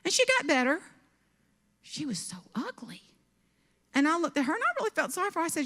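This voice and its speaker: A woman with a Southern US accent, a motivational speaker and humorist telling a comic story on stage, sassy and animated. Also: sits high, brisk, pauses often. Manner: sassy, animated, acts out every voice. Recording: long reverb of a large hall.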